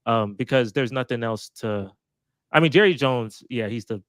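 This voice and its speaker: A man co-hosting a casual sports chat, animated and joking, pushing his opinions hard. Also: medium pitch, normal speed, dry recording. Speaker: podcast co-host.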